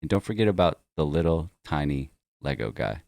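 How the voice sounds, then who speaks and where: A man with a very low voice hosts a relaxed chat show and laughs easily. The sound is dry and close. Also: a little fast, gravelly, dry recording. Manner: easygoing, laughs often. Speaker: podcast host. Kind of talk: casual chat.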